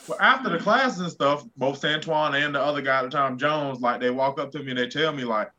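A man with a bright, forceful voice tells a coaching story in relaxed chat, leaning on fillers like "like" and "um". The recording sounds a bit dull and lo-fi. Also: medium pitch, brisk, hardly any pauses. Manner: energetic storyteller, many fillers. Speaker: football coach. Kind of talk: casual podcast chat.

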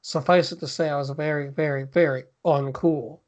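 A man reads a spooky story aloud for his podcast. His voice sits a little high, and he plays the lines with mock drama, now and then breaking off to chat and laugh. The audio is dull and lo-fi. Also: steady tone, normal speed, darkish tone. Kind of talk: casual podcast story reading.

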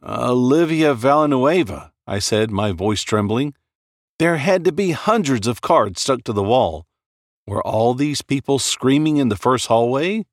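Man, horror story narrator, lively expressive delivery, dry close sound. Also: medium pitch, measured pace, no echo. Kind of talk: scripted first-person horror narration.

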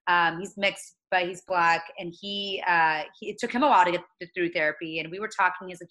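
A woman in her late twenties speaking as an interview guest, earnest and reflective, often pausing and restarting. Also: on the low side, bright, forceful tone, low-quality recording. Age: 20s. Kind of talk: conversational interview.

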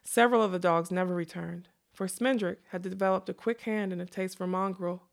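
A woman with a lowish, gravelly voice reads a fantasy novel aloud. She moves at an unhurried pace and drops in quick casual asides. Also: steady tone. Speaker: reader.

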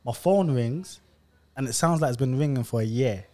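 A young man with a medium-pitched voice, speaking at normal speed, co-hosts a casual podcast. He tells a story animatedly, using slang and laughing as he goes.

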